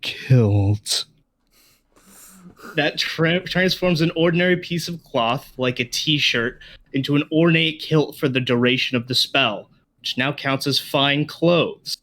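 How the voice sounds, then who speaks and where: A man playing a tabletop game, describing his character's actions in an unhurried way with fillers. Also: a little high, a bit bright. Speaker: player.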